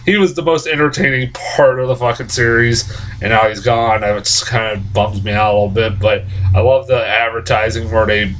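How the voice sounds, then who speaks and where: A man's voice: medium pitch, steady tone, moderate pace, a bit bright, a little hiss or hum. Rambling, profane man reviewing a movie. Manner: rambling, profane, frequent stammered restarts; exasperated, blunt. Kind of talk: casual unscripted film review.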